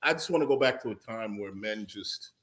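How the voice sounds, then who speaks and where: A man's voice: lowish voice, animated, fairly quick, fairly bright tone. A man co-hosting a podcast, ranting in casual chat with a profane, emphatic manner. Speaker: podcast co-host.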